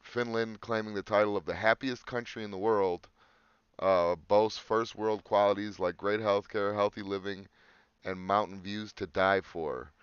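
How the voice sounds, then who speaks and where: Low-voiced man swearing through a casual podcast. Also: steady tone, a little slow, smooth, dry recording, muffled recording. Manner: crude, joking, swears freely. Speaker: podcast co-host. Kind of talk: casual podcast chat, reading search results aloud.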